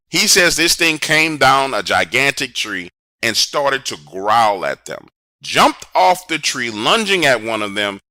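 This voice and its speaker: Storyteller: man with a very bright, sharp voice, animated and conversational, dramatic pauses, dry sound. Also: medium pitch, dry recording. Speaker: horror storyteller. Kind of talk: first-person storytelling.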